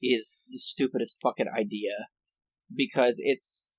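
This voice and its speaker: A man's voice: medium pitch, steady tone, measured pace, dry recording. A man co-hosting a casual podcast, swearing freely and complaining with energy. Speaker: podcast co-host.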